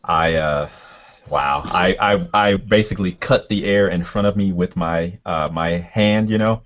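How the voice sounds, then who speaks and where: A man playing a tabletop game, describing his character's actions with halting speech and many fillers, in a dull lo-fi recording. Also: sits low. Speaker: player.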